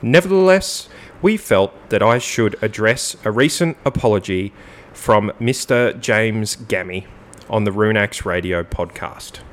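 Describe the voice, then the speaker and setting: A man's voice: on the low side, expressive, a little slow. A man co-hosting a podcast, bantering jokingly and reading a statement aloud in a mock-formal voice. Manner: jokey, laughs often, dry mock-formal reading. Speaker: podcast co-host.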